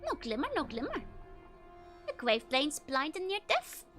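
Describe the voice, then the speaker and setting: Woman voicing a squeaky muttering old crone. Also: wildly swooping pitch, normal speed, a bit bright, soft background music, full character voice. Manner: sing-song mumbling, high squeaky. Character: cranky old woman corpse-tender, muttering.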